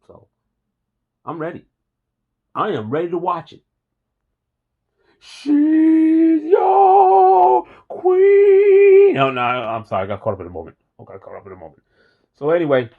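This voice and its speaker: A man talking straight to camera in a relaxed, enthusiastic vlog. He rambles and repeats himself with a mid-pitched voice. The recording is dull and lo-fi. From Philadelphia. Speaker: host. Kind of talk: casual vlog monologue.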